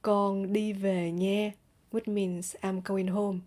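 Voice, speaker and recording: Woman teacher, talks real slow, soft mellow tone, says every example twice. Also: mid-range voice, level tone. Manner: repeats each phrase slowly and clearly for learners. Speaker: language teacher.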